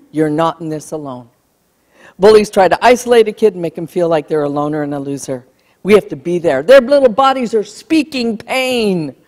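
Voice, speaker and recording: A woman's voice: lowish voice, a little mellow. A woman giving an emphatic keynote talk on bullying to a live audience, acting out what parents and kids say. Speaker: speaker on bullying. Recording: long hall reverb.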